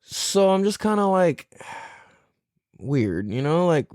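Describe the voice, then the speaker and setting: A man's voice: on the high side, big pitch swings, slow pace, a little mellow, no room sound, clean studio sound. A man hosting a podcast alone, talking casually in a rambling, profane, self-deprecating way. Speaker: podcast host. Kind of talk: casual solo podcast monologue.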